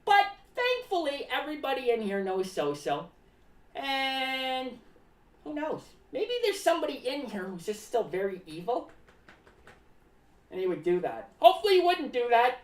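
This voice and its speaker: A woman streams live as a rambling, eccentric clown who refers to himself in the third person and is paranoid about cats. Her voice sits high and is very animated at a moderate pace, picked up from a distance in an echoey room.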